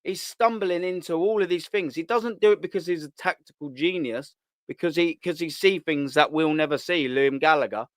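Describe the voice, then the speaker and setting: Host type: London man, voice a touch high, dry close sound, blunt and sweary. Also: moderate pace, no room sound. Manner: swears freely, laughs a lot. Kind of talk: casual live chat.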